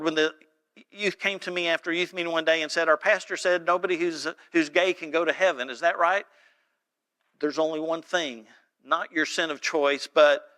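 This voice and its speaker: A man preaching a sermon in a church, telling stories and reading scripture aloud with animated delivery. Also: fairly high pitch. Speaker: pastor. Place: church sanctuary.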